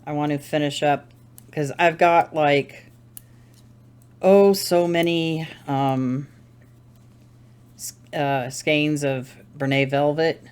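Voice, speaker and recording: A woman hosting a crafting channel chats casually at home while knitting, rambling and correcting herself as she thinks aloud. Her voice sits low and is smooth and a little mellow, with a steady tone, a slow pace, and long pauses.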